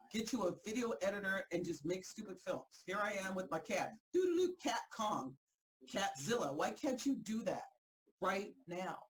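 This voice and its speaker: A woman hosting a motivational group talk, energetic and emphatic, repeating herself for effect and breaking easily into laughter. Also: mid-range voice, a little hiss or hum, poor audio. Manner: energetic, fired-up, emphatic repetition. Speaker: host and motivational coach.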